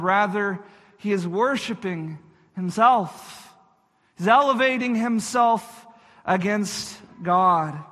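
Man pastor, earnest sermon, slow and deliberate, speaks right to the congregation, echoey hall. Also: high-pitched, bright, forceful tone. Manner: earnest, repeats phrases for emphasis, addresses listeners directly.

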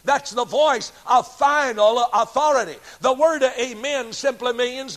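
A middle-aged man preaching a sermon, emphatic, swinging between loud declarations and low asides. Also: measured pace, few pauses.

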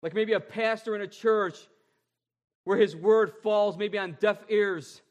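A man delivering a sermon from the pulpit, his voice sitting a little high for a man. He leans hard on key phrases and stretches them slowly. Then he drops to quieter, lower lines. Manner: emphatic, drawn-out repeated phrases, shifting between loud and soft. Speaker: pastor.

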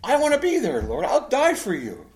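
Man voicing a headstrong fisherman disciple: emphatic, insistent, voice swinging high. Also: big pitch swings, normal speed. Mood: pleading. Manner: pleading and emphatic. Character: earnest, impulsive adult male fisherman disciple.

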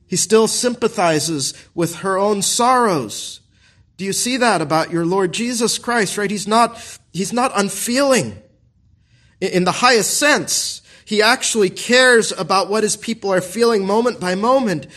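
Earnest male preacher, fairly high voice, pastoral sermon, many rhetorical questions. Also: unhurried, fairly bright tone.

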